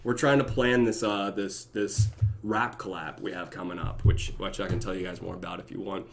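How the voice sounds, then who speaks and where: A young man chatting casually on his own live stream, reading viewer comments and often breaking into laughter and goofy high voices. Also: fairly even intonation, normal speed, vocal fry, a little hiss or hum. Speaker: YouTube reactor.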